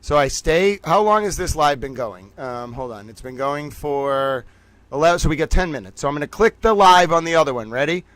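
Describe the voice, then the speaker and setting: A man with a slightly high speaking voice hosts a casual livestream, addressing his viewers as ladies and gentlemen. He swings into theatrical mock outrage and grand declarations as he talks to them. The sound is close and dry, with no room around it. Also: lively intonation, fairly quick, no room sound. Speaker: livestream host.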